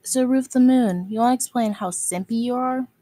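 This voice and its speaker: A woman with a high voice rants straight to camera, scolding and hurling insults. She keeps looping back to the same stock phrases. The sound is dry, with no room around it. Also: normal speed, mellow, dry recording. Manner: scolding, insulting, repeats itself. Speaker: video maker. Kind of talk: angry rant to camera.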